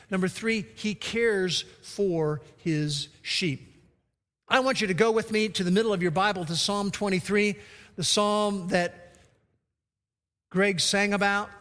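A high-voiced man preaches from the pulpit, moving from a gentle story into emphatic reading of scripture. His voice rings out with a long reverb in a large church hall. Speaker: pastor. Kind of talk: sermon.

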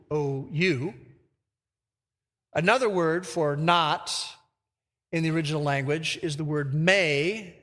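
A man preaching a sermon who reads scripture slowly and with emphasis. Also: fairly high pitch, fairly bright tone, in a large hall. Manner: slow, emphatic verse reading.

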